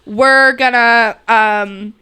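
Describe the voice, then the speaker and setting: A young woman from Canada, co-hosting a podcast and telling a story with her brother, animated and laughing as she acts out quotes. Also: a little high, very slow, clean tone. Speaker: podcast co-host. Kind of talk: casual storytelling chat.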